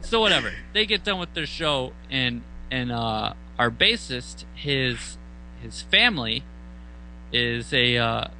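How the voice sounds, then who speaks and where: A man casually telling a band story, swearing often and acting out loud outbursts. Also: mid-range voice, slow pace, slight background noise, poor audio. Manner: profane, animated retelling with loud mock outbursts.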